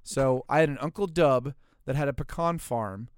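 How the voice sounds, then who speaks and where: Southern guy, crisp voice, cussing and telling stories on a podcast. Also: mid-range voice, no room sound, clean studio sound. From US Deep South. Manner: profane, storytelling, quick joking asides. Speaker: podcast co-host. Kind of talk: casual podcast banter.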